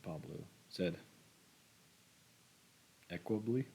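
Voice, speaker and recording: Low husky male novel reader. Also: little pitch movement, a little mellow, rough recording. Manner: measured, plain narration with small slips. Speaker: audiobook reader. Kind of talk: reading a novel aloud.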